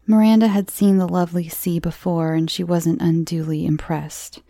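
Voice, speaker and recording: Woman narrator, horror story reading, steady, measured, dark mellow tone, low pitch. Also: no room sound.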